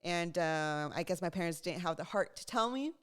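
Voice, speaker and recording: A young adult woman co-hosting a podcast, telling a story in casual chat, lively and laughing as she acts out what people said. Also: on the low side, moderate pace, clear, resonant tone. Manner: animated, laughing, acts out quotes. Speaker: podcast co-host.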